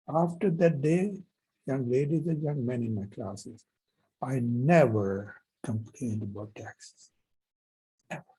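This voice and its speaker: Very husky, lively male professor. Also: medium pitch, poor audio. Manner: animated, emphatic storytelling with repetitions. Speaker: university professor. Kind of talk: university lecture with personal anecdote.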